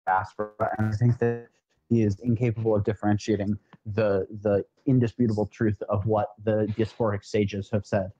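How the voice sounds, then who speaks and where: A man speaking as a guest in a casual online call, in a measured, hesitant way. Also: lowish voice, level tone, over music. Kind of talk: casual livestream chat. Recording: dull lo-fi call audio.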